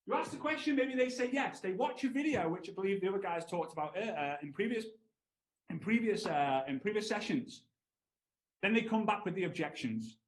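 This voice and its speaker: A man, giving an energetic storytelling training talk to an audience he keeps calling on. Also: sits high, a little fast. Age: 30s. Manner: energetic, animated, asks the audience to respond. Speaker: network marketing trainer. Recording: roomy echo.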